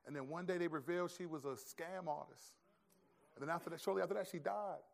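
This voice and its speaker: A pastor preaching a sermon in an animated, conversational storytelling way. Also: male voice, a little high, fast, gravelly.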